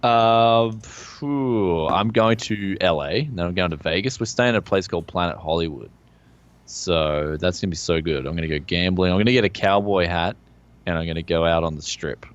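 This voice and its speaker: A very low-pitched Australian man chatting on a stream, joking around and laughing a lot. The audio is dull and lo-fi. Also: normal speed. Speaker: co-host. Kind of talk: casual stream chat.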